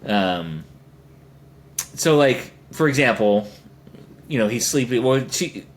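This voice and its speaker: Slow and expressive at a medium pitch, this young podcast co-host chats casually over a little hiss or hum. He rambles through jokey ideas and puts on silly voices.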